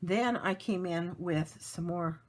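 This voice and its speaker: A woman's voice: fairly low pitch, takes it slowly, darkish tone. A woman giving a casual card-making tutorial, chatty and laughing lightly as she narrates each step at her work table.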